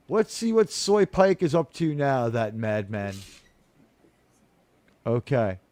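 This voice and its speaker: A man's voice: mid-range voice, sing-song, very slow, long pauses, darkish tone, no room sound. A man hosting a casual podcast panel, talking in a rambling, sarcastic way with mocking asides. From United States.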